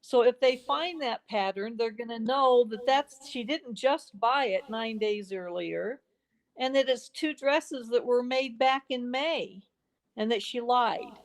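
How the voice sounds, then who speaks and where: A woman's voice: a little high, measured pace. A woman guest on a podcast, telling a story conversationally, building her argument point by point and acting out bits of quoted dialogue. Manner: earnest, builds a case point by point; acts out quoted dialogue in brief snippets.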